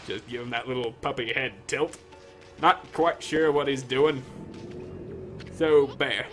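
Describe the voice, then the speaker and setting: A man's voice: medium pitch, unhurried, long pauses, fairly bright tone, soft background music. A man giving casual, sarcastic commentary while playing through a video game. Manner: sarcastic, joking asides. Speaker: gamer commentator.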